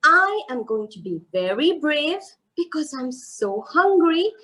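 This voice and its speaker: Woman voicing a little billy goat, high squeaky kid voice, slow, pleading. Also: very animated, sharp tone, exaggerated voice, poor audio. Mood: eager. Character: small hungry brave little male billy goat.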